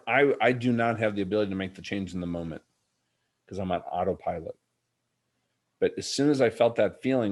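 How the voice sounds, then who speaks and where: A middle-aged man appearing as a podcast guest tells a personal story, earnest and reflective, addressing the host by name. His voice is on the low side with a darkish tone.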